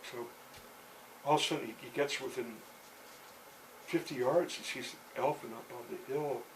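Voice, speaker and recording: A man's voice: mid-range voice, steady tone, normal speed, distant mic, low-quality recording. A man telling a rambling story in casual speech, filling it with "you know" and restarts. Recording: voice set back from the mic, faint background hiss.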